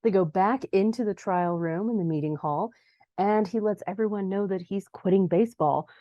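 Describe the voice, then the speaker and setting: Young adult woman, podcast recap host; mellow, chatty, dry close mic. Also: normal speed, no echo, lo-fi sound. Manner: chatty, acts out quoted lines in a higher voice. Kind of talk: casual recap narration.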